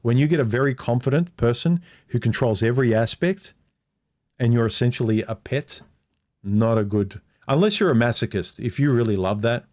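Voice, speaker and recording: A middle-aged man talks on a casual livestream, telling a personal story in a frank, loose way. His pitch sits in an ordinary middle range, and he keeps doubling back and restarting his sentences as he goes. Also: moderate pace, a little mellow. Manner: rambling, frank, restarts often and acts out quoted speech. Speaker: vlogger.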